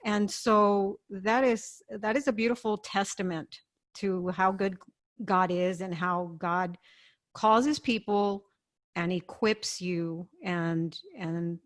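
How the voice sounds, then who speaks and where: A woman's voice: mid-range voice, fairly even intonation, slow. A woman hosting a podcast interview, answering her guest with earnest, faith-filled affirmation. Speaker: podcast host.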